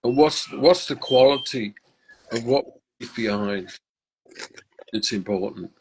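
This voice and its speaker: A guest musician, an older Englishman, speaks at medium pitch and a measured pace while telling stories in a casual interview. His talk about faith is warm, reflective and full of restarts. There's slight background noise and the audio is poor.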